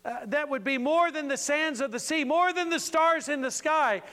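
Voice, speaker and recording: Guy acting out an old patriarch arguing with god, high pleading voice, can't believe it. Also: moderate pace, sharp tone, big-room sound. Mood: pleading protest. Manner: urgent, disbelieving protest. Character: aged male patriarch, pleading and protesting to God.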